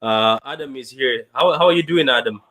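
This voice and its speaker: A young man hosts a fan livestream just after his team has lost. He sounds dejected and keeps repeating himself, starting over and trailing off, at an ordinary middle pitch. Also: pushed and bright. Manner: dejected, repetitive, halting with many restarts. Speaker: fan channel livestream host. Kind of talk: emotional post-match fan livestream.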